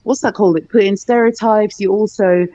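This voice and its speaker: A woman's voice: medium pitch, fairly even intonation, brisk, warm tone, lo-fi sound. A woman hosting a casual group chat on a stream, teasing and laughing often. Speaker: stream host.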